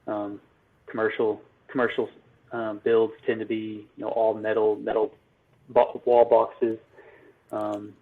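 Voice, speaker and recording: A husky man explains his trade in halting, casual answers, his voice low and flat. He restarts sentences often and fills gaps with ums. The sound is narrow and thin, like a phone line. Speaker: electrical business owner, guest.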